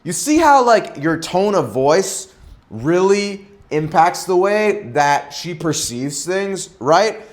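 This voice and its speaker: A man's voice: high voice, sing-song, slow pace. A young man coaching on dating in a casual monologue, often tagging his points with "right?" and "okay?". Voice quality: ends points with "right?" and "okay?" tag questions.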